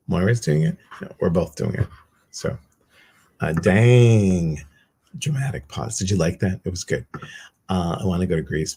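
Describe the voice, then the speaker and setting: Casual male livestream host with a deep, husky voice, loose and self-teasing. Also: darkish tone. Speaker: meditation group host.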